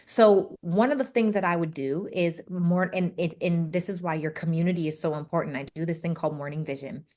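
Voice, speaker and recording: A woman's voice: lowish voice, brisk. Woman from Canada telling her story openly. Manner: candid, emotional storytelling with lively swings. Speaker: podcast guest, speaker and entrepreneur. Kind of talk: casual interview talk.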